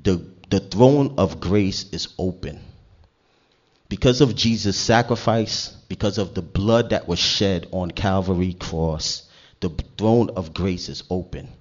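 Male preacher, low voice, conversational sermon that swells into forceful scripture reading, slightly dull recording. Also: measured pace.

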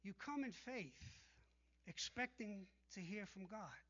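A man's voice: high-pitched, expressive, a little slow, fairly bright tone, dull audio. A male pastor preaching a sermon emphatically, calling out for amens from the congregation. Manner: emphatic preaching with call-and-response.

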